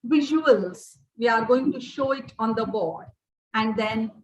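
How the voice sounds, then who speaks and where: Woman, workshop lecturer; high voice, set back from the mic in a reverberant room. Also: measured pace, recorded from a distance. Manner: repeats and restarts phrases, list-like delivery. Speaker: workshop resource person. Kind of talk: lecture to teachers.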